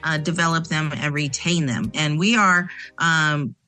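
A woman host with a bright, lower voice leads a radio talk show. She is thankful, and she pauses on fillers. Soft music sits under her voice. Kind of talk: radio interview.

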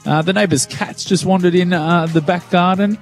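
A man with an Australian accent co-hosts a radio show from his living room, joking and laughing often in casual chat. His voice sits high, with fairly even intonation and a moderate pace, over soft background music.

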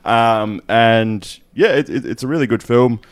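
A man's voice: mid-range voice, a little slow, dry recording. A man casually chatting about films he watched, rambling with lots of fillers and restarts. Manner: rambling, hesitant, full of fillers. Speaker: podcast co-host. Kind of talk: casual chat.

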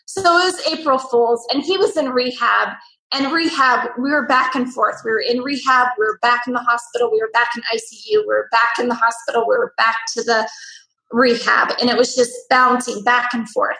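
A woman interview guest telling a personal story in an animated way. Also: on the high side, normal speed, gravelly, roomy sound, rough recording. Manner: lively, acts out quoted voices.

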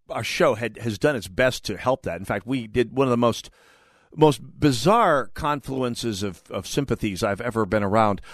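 A man's voice: mid-range voice, no echo. A man hosting a talk radio show, giving opinionated commentary with emphatic, sarcastic delivery and indignant outbursts into a studio mic.

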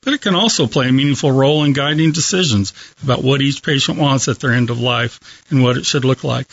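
Man telling gentle stories, lo-fi sound. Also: medium pitch, vocal fry. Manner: gentle, earnest, measured storytelling. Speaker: hospice chaplain. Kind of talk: storytelling in a talk show interview. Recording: dull lo-fi broadcast audio.

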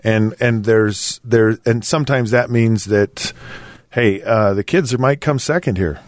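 A man co-hosting a show in casual chat, halting and repeating words as he tells stories. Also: on the low side, dry recording, studio quality. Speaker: podcast co-host.

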